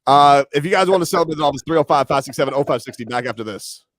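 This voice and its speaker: A man hosting a sports radio show, joking and bantering fast with his co-host and a guest in the studio. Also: on the high side, fairly bright tone, no room sound. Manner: fast, joking, puts on silly voices.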